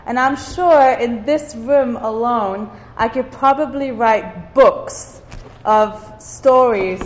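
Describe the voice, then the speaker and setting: Slow-talking woman teaching the Bible. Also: on the high side, big-room sound. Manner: conversational, checks in with "okay?", laughs at own stories. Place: room with a small group.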